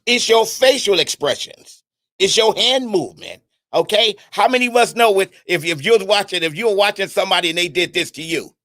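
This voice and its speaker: A middle-aged man giving an animated, preaching-style talk on an internet radio show, firing questions at his listeners and often repeating and restarting his words. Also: sits high, brisk, no echo, studio quality. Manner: animated, conversational, asks the audience questions.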